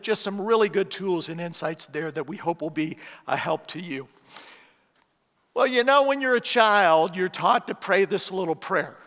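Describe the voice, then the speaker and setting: A man's voice: high-pitched, a bit bright. A middle-aged man preaching a sermon as a guest speaker, telling stories with self-deprecating humor. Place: church auditorium. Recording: long church hall reverb.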